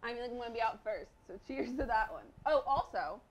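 A woman's voice: on the high side, expressive, quick pace, muffled recording. A young woman chatting casually in a group challenge, giggly and poking fun at herself. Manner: self-mocking, giggly.

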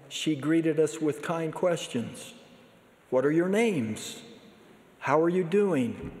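A man giving a sermon as a church leader, speaking in a measured, earnest way. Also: a little high, a little mellow. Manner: measured, earnest preaching delivery. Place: large conference hall. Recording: long reverb of a large hall.

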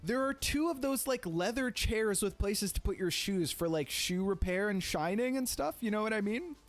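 A young man streamer telling a story casually, rambling and animated, with lots of "like" fillers and the odd swear. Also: high voice, moderate pace.

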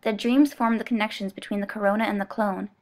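Reading an audiobook from a script, a woman narrates at medium pitch, keeping her storytelling steady and measured.

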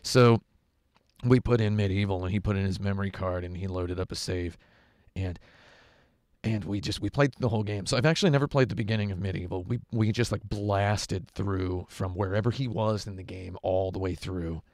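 A man's voice: deep voice, moderate pace, darkish tone, no room sound, clean studio sound. A man chatting casually on a game livestream, telling rambling, digressive stories into a headset at home. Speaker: streamer. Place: home room with carpet.

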